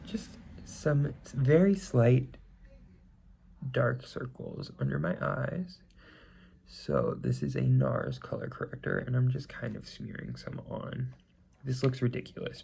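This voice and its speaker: A young man talks in a relaxed, rambling way while getting ready on camera, his voice gravelly and dark, with a slightly stuffy nose. He corrects himself mid-sentence and chats freely, with a faint hiss in the background. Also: medium pitch. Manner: chatty, rambling, self-correcting. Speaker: makeup vlogger. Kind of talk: casual get-ready-with-me chat.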